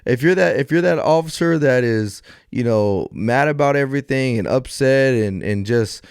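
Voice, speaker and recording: A man who hosts a podcast and works as a police officer talks with an earnest, reflective tone in a casual chat. His voice sits at an ordinary middle pitch. The sound is dry and close, with no room echo. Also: moderate pace, a little mellow, smooth.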